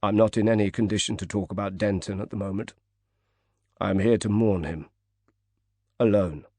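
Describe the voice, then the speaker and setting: A man's voice: lowish voice, fairly even intonation, mellow, dry recording. A man voicing a grieving, proud older male tycoon in an audiobook, wounded and indignant in tone. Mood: mournful. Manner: wounded, indignant, fast when angry.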